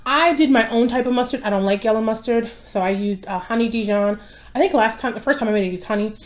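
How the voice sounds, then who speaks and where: At home, a tired young mukbang vlogger talks quickly in a slightly high voice during casual chat over her food. Easily sidetracked, she rambles and keeps correcting herself.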